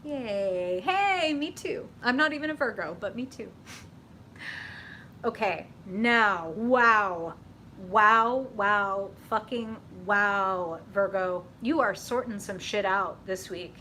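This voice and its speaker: A woman hosting a live tarot reading stream, chatty and excitable, with lots of fillers and laughter. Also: mid-range voice, slow, a little hiss or hum.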